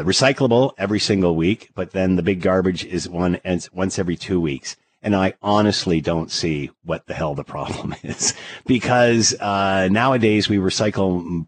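A man's voice: low voice, husky, dry recording. A man hosting a radio show, chatting casually and joking with a fellow host. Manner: jokey, animated when introducing guests.

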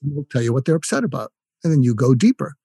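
Older man explaining calmly, dry sound. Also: mid-range voice, fast, husky, no echo. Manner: explains with examples and role-played phrases. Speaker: guest, communication expert. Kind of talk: instructive interview talk.

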